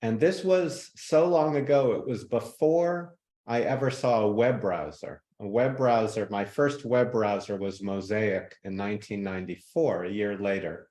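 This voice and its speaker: A man guest in a podcast interview, telling relaxed stories and now and then mimicking people. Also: fairly low pitch, unhurried, hardly any pauses, echoey room. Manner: relaxed, laughs easily, mimics people in anecdotes. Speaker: guest, tech innovator. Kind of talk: conversational interview storytelling.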